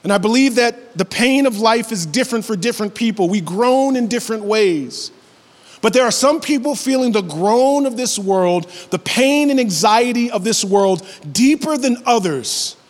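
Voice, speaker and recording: High-voiced man preaching in a reverberant hall. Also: moderate pace. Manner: preaching, building to high animated passages. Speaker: pastor. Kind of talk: sermon.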